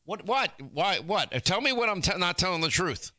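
Male talk radio host, bright and crisp, close dry mic, loose animated storytelling. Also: sits high, normal speed, dry recording. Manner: rambling, teasing, animated banter with many restarts. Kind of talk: casual on-air storytelling.

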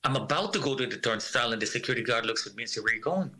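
A man's voice: medium pitch, rapid-fire, sharp tone, poor audio. A man recounting a personal story in vivid detail, acting out the voices of the people in it. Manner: vivid, acts out quoted voices. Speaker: interviewee recounting survival.

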